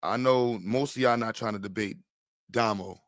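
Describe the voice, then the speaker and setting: A man's voice: lowish voice, moderate pace, no echo, clean studio sound. A man talking in a casual, teasing, slangy way, often breaking into laughs as he mocks and riffs. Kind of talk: casual trash-talking banter.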